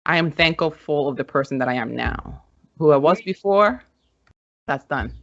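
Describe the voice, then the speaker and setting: A woman's voice: deep voice, expressive, moderate pace, vocal fry, dull audio. A woman guest in an interview, talking in an upbeat, emphatic, plain-spoken way. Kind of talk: casual interview conversation.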